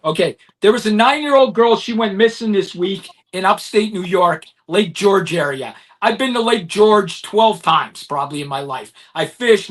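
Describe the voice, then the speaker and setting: A man's voice: high voice, a bit bright. A man co-hosting a podcast, talking emphatically and getting heated in casual chat. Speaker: podcast co-host.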